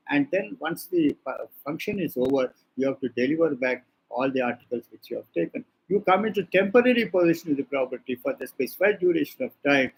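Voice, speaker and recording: A man's voice: on the high side, vocal fry, breathy edge, low-quality recording. Older Indian man dictating a law lecture. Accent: Indian English. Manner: repeats and dictates points slowly; asks and answers his own questions. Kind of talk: classroom lecture.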